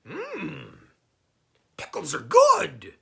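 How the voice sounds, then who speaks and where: A man's voice: on the high side, wildly swooping pitch, drawn-out words, vocal fry, breathy edge, pitched above the performer's own voice, full character voice. A man shrieking as a fat greedy goblin. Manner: shouting, wailing.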